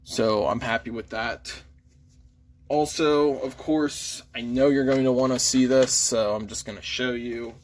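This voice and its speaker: A man's voice: mid-range voice, fairly even intonation, measured pace, a little hiss or hum. A man casually reviewing a toy figure in an easygoing, mild way, shrugging off small flaws. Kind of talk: casual chat.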